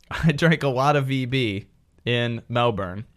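This male podcast host speaks slowly in a medium-pitched, somewhat bright voice. He jokes around in casual chat, then reads facts aloud in long stretches.

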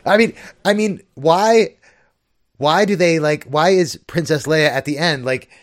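A man's voice: on the high side, unhurried. A man co-hosting a casual chat who talks thoughtfully, hedging often with "like" and "I mean.". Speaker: podcast co-host.

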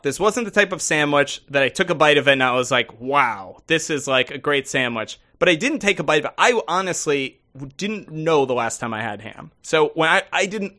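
A man co-hosting a podcast in casual chat, rambling with many halting restarts. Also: on the high side, pushed and bright. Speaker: podcast co-host.

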